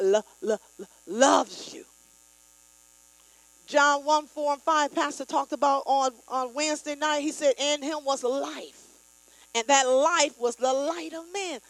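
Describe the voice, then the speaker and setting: A woman preaching a sermon, leading the congregation in call-and-response and rising to loud, emphatic declarations. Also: high-pitched, no room sound, low-quality recording.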